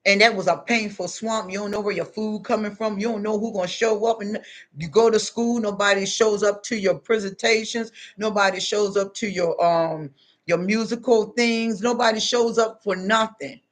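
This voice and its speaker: A woman's steady, medium-pitched voice moves at normal speed as she gives spiritual advice straight to the listener. The talk is casual and unscripted, confrontational and blunt, with lots of street slang and tags like "you know what I'm saying."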